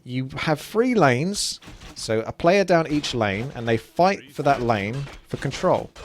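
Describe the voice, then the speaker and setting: A young man with a mid-range voice chats his way through a strategy game, explaining his strategy as he plays and commentates. There's a little hiss or hum, with game music underneath.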